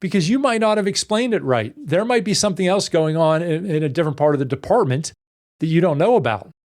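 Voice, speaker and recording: A man's voice: fairly high pitch, lively intonation, quick pace, a little mellow. A man talking as a leadership coach, earnest and conversational, telling client stories and acting out what people said. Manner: earnest, conversational, acts out quoted dialogue. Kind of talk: coaching talk with anecdotes.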